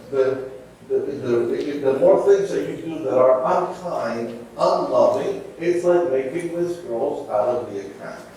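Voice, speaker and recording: A man's voice: a little high, warm tone. A man in his sixties presenting a marriage seminar, telling a teasing, self-mocking story to an audience. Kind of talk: humorous storytelling talk to an audience. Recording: echoey hall, voice from a distance.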